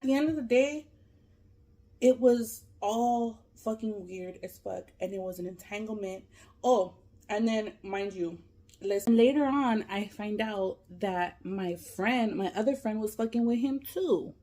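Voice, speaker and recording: A woman vlogger telling a long story while she eats, casual and animated, full of fillers and swearing. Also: medium pitch, a little slow. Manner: animated, profane, lots of fillers. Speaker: mukbang vlogger.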